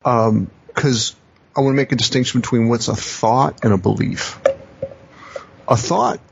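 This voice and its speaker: Over a noisy background, a man with a gravelly, mid-range voice speaks unhurriedly. A coach and teacher, he explains ideas reflectively on a podcast, repeating and rephrasing and acting out quoted phrases. The audio is dull and lo-fi.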